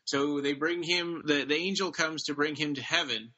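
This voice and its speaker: A man with a very bright, forceful voice chats casually on a podcast. He retells a story loosely, leaning on fillers and restarting sentences. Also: a little high, fairly even intonation, normal speed, muffled recording. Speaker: podcast co-host. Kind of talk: casual chat about books.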